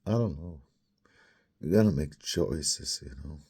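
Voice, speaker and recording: A man's voice: a bass voice, animated, a little slow, creaky, darkish tone, breathy edge. A man in his fifties with a sore throat, rambling in a meandering personal monologue that drifts into mutters and whispers. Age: 50s. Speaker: vlogger.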